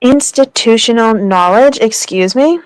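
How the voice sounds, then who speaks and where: High-voiced sarcastic woman. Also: unhurried, no room sound, low-quality recording. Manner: sarcastic, skeptical. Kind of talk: casual livestream chat.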